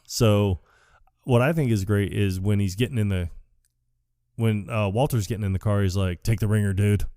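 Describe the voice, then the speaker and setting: A man co-hosting a podcast, chatting casually about a film, laughing often and retelling scenes with lively energy. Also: moderate pace, no echo, clean studio sound. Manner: animated retelling, acts out quoted lines with big pitch jumps. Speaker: podcast co-host. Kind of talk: casual movie chat.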